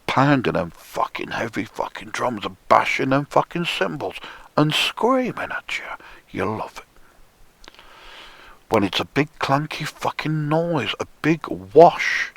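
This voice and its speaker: A man delivering a profane, sneering monologue, often dropping into hushed whispers for emphasis. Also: mid-range voice, big pitch swings, a little slow, creaky, no echo. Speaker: conspiracy commentator. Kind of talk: ranting monologue.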